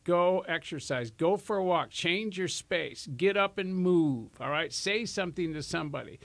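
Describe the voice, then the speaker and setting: A man's voice: sits high, expressive, moderate pace, creaky, fairly bright tone. A man hosting a casual self-help talk show, chatty and rambling, laughing often. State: out of breath. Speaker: host.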